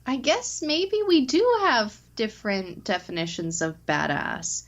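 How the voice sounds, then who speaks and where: A woman's voice: a little high, wildly swooping pitch, unhurried, few pauses, highs cut off. A woman who is a guest on a podcast, teasing her co-host and acting out quotes in silly voices. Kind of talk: casual chat.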